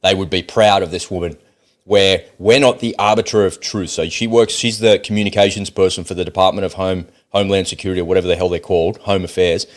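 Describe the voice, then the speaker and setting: A man's voice: sits low, steady tone, quick pace. A man with an Australian accent giving blunt, sarcastic, profane commentary on a video clip. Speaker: political commentator.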